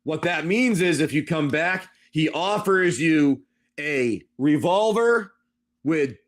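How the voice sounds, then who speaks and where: A man's voice: on the high side, expressive, measured pace. A man improvising tabletop game narration on a live stream as game master. He rambles and corrects himself as he goes. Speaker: game master and livestream seller.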